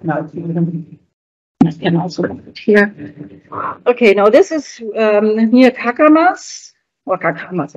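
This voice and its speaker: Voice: mid-range voice, darkish tone, dry recording, rough recording. A researcher giving a conference presentation, explaining graphs on slides in a hesitant, word-searching way.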